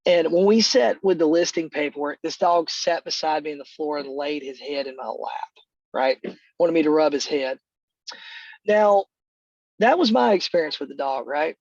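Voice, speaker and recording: A middle-aged man with a fairly high voice tells a long, rambling story, dropping "dude" and "man" all through it. The call audio is dry and a little dull. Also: normal speed, vocal fry, darkish tone, no echo. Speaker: real estate agent.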